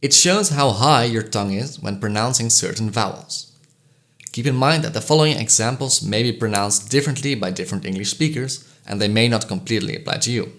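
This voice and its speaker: A man giving a scripted educational voice-over, explaining pronunciation clearly and slowly sounding out example vowels. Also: fairly low pitch, fairly bright tone. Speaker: language educator.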